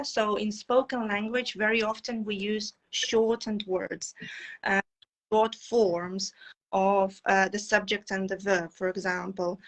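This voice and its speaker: A young woman teaching English in a relaxed conversational lesson, repeating key phrases with clear emphasis. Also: mid-range voice, poor audio.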